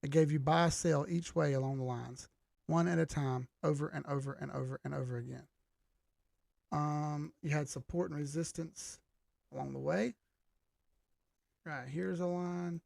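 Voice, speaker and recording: A gravelly man hosts a casual live chart stream, his voice strained and starting to crack. He talks loosely and jokes as he reads chat, pitched a bit high for a man. The sound is dry and close. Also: fairly even intonation, moderate pace, pauses often, a little mellow, no room sound. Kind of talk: casual livestream chart talk.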